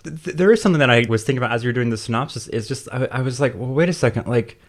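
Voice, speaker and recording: A podcast co-host with a mid-range voice chats casually at a rapid-fire clip, eager and rambling, packed with fillers and restarts. Slight background noise is audible.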